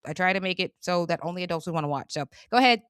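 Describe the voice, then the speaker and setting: A woman hosting her own channel, talking through a casual commentary monologue in an animated, emphatic and colloquial way. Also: fairly low pitch, rapid-fire, smooth, dry recording, studio quality. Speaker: channel host.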